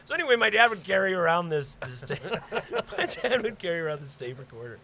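Animated, high-voiced male podcast host. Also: quick pace, gravelly, a crowd in the background. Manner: animated, swearing, laughing storyteller. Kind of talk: casual chat, storytelling.

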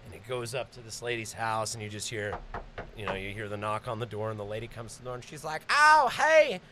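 A man hosting a podcast, telling stories in casual chat, animated and swearing freely. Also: fairly low pitch, fast, a crowd in the background. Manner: animated, swearing, laughing storyteller. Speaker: podcast host.

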